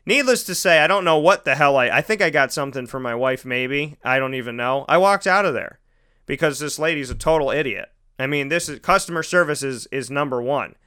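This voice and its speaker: A man's voice: mid-range voice, smooth. A man hosting his own show, telling a story in a casual monologue and acting out the people he quotes. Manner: animated storytelling, acts out quoted voices. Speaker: radio show host. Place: studio.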